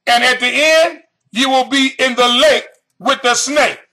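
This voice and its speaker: A man preaching with a very high, bright and forceful voice. He draws out scripture verses slowly, then punches key phrases in sudden shouts and throws questions straight at the congregation. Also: steady tone, low-quality recording. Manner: fiery, reads scripture slowly then bursts into shouted emphasis; addresses the audience directly with questions. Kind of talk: sermon.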